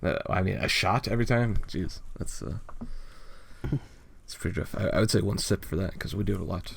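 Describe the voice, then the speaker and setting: Low-voiced, giggly young podcast host. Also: male voice, a little fast, creaky, a little hiss or hum. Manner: rambling, giggly, lots of filler. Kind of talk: casual comic-reading podcast.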